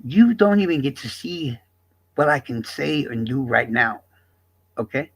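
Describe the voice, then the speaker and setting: A man's voice: medium pitch, expressive, unhurried, slightly rough. A man streamer from the American South, delivering a profane, combative rant straight at his chat. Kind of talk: ranting livestream monologue.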